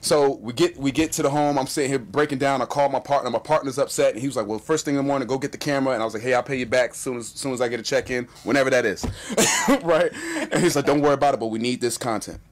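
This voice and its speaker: A man telling a personal story in casual chat, animated and acting out what people said. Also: medium pitch. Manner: animated, fast-talking storyteller acting out quotes.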